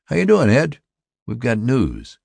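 A man voicing an excited middle-aged male neighbor announcing news, eager and loud. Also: sits low, a little slow, no room sound, clean studio sound, heavily acted.

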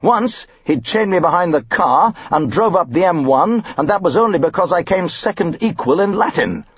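A pompous, angry father blusters through his complaints, as a man reading an audiobook puts him on. His voice is raised and lively, with a husky edge. The audio is dry and a little dull. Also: high voice, moderate pace, no room sound, pitched above the performer's own voice. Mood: moaning. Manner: blustering, moaning.

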